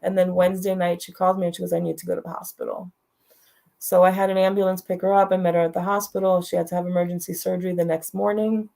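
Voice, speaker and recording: A woman's voice: fairly low pitch, little pitch movement, rapid-fire, gravelly, hardly any pauses, dark tone. A middle-aged woman telling a personal story as a talk show guest, frank and direct, laughing now and then through hard moments.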